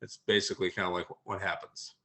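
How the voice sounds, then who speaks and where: A man, an author being interviewed on a podcast, speaking hesitantly with many pauses and ums. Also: sits low, level tone, sharp tone. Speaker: author guest. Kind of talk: casual interview chat.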